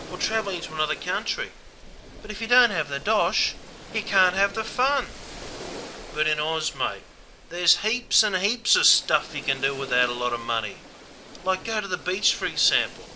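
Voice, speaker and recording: A man's voice: on the high side, noisy background. An Australian man narrating a comic script, chummy and calling the listener mate all the time. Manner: chummy, says mate constantly. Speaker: narrator and host.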